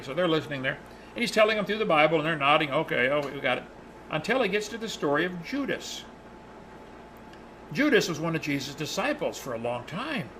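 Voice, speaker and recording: Bright-voiced man teaching a Bible lesson. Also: fairly high pitch, slight background noise, rough recording. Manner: animated, acts out the characters' lines in his retelling.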